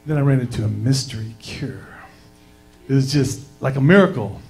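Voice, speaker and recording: A man doing a crude, brash stand-up set on a comedy club stage, with an American accent, shouting his punchlines into a handheld mic. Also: mid-range voice, moderate pace, creaky. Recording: live club recording with loud crowd and music. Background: audience laughter.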